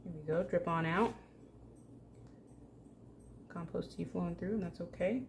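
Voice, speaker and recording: Low-voiced woman chatting through plant care. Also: a little slow, gravelly, a little mellow. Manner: chatty, jokey, talks to plants. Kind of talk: casual hands-on vlog chat. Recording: echoey room with faint hum.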